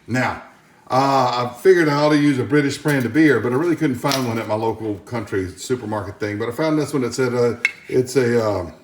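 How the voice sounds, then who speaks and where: A man's voice: medium pitch, fairly quick, slight background noise. A man talks his way through cooking at home in a loose, folksy ramble and drops little joking asides as he works. The kitchen rings with echo, and faint clinks of pots and dishes sit underneath. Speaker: home cook hosting a cooking channel. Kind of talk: casual cooking demonstration. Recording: echoey kitchen with clattering pots.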